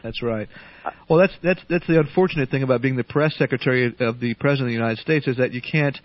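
A man hosting a call-in radio talk show, relaxed and chatty, with frequent restarts and light puns. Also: medium pitch, fast, dry recording. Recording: dull lo-fi radio broadcast.

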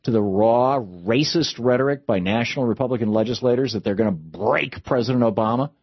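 A man's voice: mid-range voice, fairly quick, slightly rough, no room sound. A man delivering a political commentary monologue, impassioned and with sarcastic asides. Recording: dull lo-fi dry recording.

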